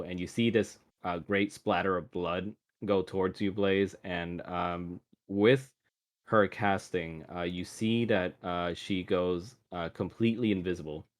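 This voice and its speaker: A man narrating as dungeon master, casual and full of fillers. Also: deep voice. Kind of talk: narrating a tabletop game.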